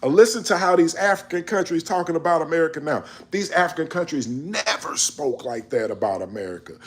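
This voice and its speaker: A man in a casual monologue on world events, emphatic and preachy, scolding his listeners in slangy speech. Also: a little high. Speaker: commentator.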